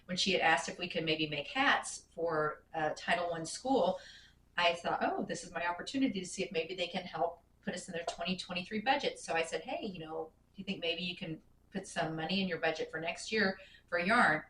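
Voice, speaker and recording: A woman's voice: lowish voice, fairly bright tone, a little hiss or hum. Earnest middle-aged woman, echoey and distant. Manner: earnest, rambling with many restarts. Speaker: knitting vlogger giving a devotion. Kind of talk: casual faith chat to camera.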